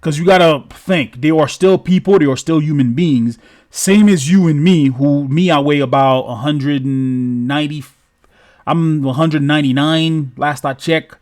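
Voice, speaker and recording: A man's voice: on the high side, measured pace, a little mellow. A man telling a story in a casual, improvised way: profane and rambling, acting out thuds aloud. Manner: profane, rambling, repeats sound effects.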